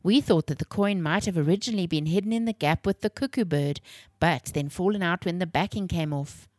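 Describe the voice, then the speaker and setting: A calm, thoughtful father from a storybook, read by a woman. He explains things in an even voice, and the recording is dry and close. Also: on the low side, fairly quick, no room sound, close to an everyday voice.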